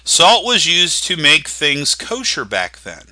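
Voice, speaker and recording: A man preaching a sermon as pastor, teaching with emphatic, slowly stressed phrases. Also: a little high, huge pitch swings, bright, forceful tone, dry recording.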